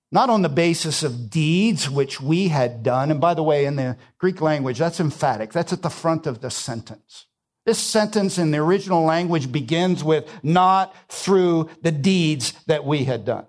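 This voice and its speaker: A man preaching a sermon, emphatic, repeating key phrases and swinging between quiet and loud passages. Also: mid-range voice. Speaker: pastor.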